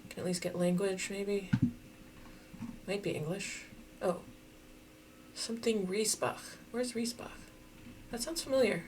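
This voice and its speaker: A woman's voice: mid-range voice, steady tone, a little slow, pauses often, darkish tone, a little hiss or hum. Chatty woman thinking aloud over gameplay. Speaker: game streamer. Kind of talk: casual gameplay commentary.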